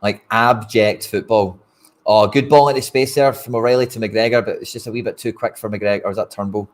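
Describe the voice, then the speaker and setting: A man's voice: on the low side, steady tone, a little fast. A Scottish man giving casual, frustrated live commentary on a football match to his stream viewers, talking bluntly and straight to the audience. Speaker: fan streamer hosting a watch-along.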